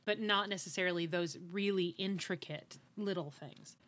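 A woman co-hosting a podcast in casual chat, animated and giggly. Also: fairly low pitch, normal speed, no echo. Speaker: podcast co-host.

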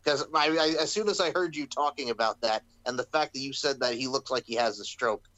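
A man hosts a casual wrestling podcast in an everyday voice. He talks in a chatty way and is quick to crack jokes. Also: mid-range voice, bright, forceful tone, no echo, poor audio. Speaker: podcast host.

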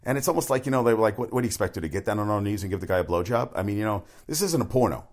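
A man's voice: lowish voice, expressive, rapid-fire. A man hosting a sports talk show, rambling bluntly from one topic to the next with frequent restarts and swearing. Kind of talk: rambling casual monologue.

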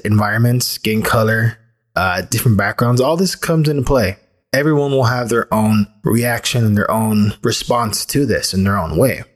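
A man in his thirties talks straight into the mic in a loose, candid monologue. He rambles a little and restarts his sentences, speaking at an everyday middle pitch as a podcast host. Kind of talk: casual personal monologue.

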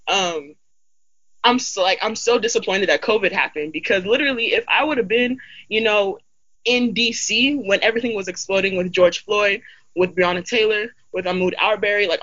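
Animated young woman, bright lo-fi chat. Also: mid-range voice. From Idaho, US. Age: young adult. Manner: animated, candid, heavy use of 'like'. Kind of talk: casual chat. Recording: slightly dull lo-fi recording.

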